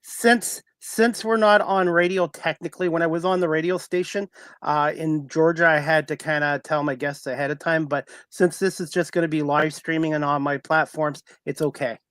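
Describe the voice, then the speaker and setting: A man's voice: fairly high pitch, steady tone, normal speed, fairly bright tone, clear, resonant tone, no echo. Conversational male talk show host. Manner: friendly, rambling, conversational questions. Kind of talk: live-streamed interview.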